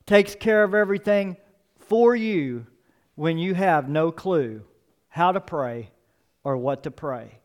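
A man's voice: on the high side, darkish tone, clear, resonant tone. A male pastor preaching a sermon, emphatic, repeating key phrases and building up for emphasis.

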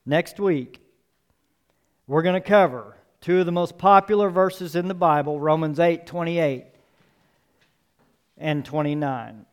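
A man's voice: a little high, a little slow, pauses often, smooth. A male pastor preaching a sermon, emphatic, repeating key phrases and building up for emphasis.

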